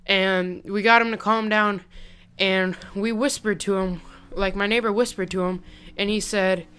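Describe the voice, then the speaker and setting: A man's voice: sits high, steady tone, a little slow, bright, forceful tone, clean tone. A young man casually telling a story on his vlog, rambling and chatty with lots of "like", into a pop-filtered desk mic. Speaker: vlogger.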